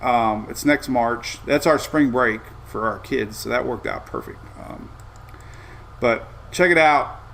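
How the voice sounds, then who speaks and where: A man's voice: mid-range voice, unhurried, creaky, slight background noise. Easygoing man hosting a casual weather chat. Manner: rambling, easygoing, excitable asides. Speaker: weather show host.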